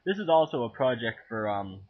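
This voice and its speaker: A teenage boy goofing around while he films himself cooking at home, crude and joking, with sudden loud yells. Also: mid-range voice, sing-song, brisk, breathy edge. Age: teens. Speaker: home cooking video maker. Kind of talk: goofy profane cooking vlog. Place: home kitchen. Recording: tinny lo-fi home camera audio.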